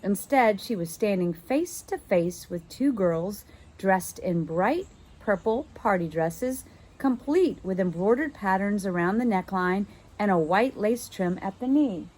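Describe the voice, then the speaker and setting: Expressive woman reading a storybook aloud. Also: mid-range voice, measured pace. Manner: expressive, stops to puzzle out words. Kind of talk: children's book read-aloud.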